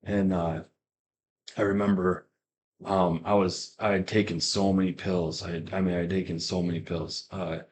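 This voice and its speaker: Low-voiced man telling his testimony. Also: level tone, normal speed, darkish tone. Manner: rambling storytelling with many restarts and fillers. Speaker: guest giving a testimony. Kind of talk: personal testimony on a podcast.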